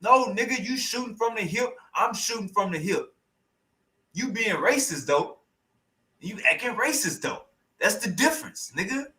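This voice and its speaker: Animated high-voiced man ranting on a livestream. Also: moderate pace, reverberant, poor audio. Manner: animated, profane, repeats phrases, mocking. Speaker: livestream host reacting to a debate clip. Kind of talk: casual live reaction commentary.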